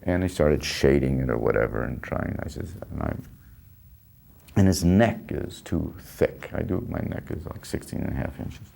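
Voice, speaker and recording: Older man, husky voice, very low pitch, rambling anecdote, self-interrupting, chuckling. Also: animated, moderate pace, mellow. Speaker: actor recalling a film. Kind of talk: anecdotal storytelling.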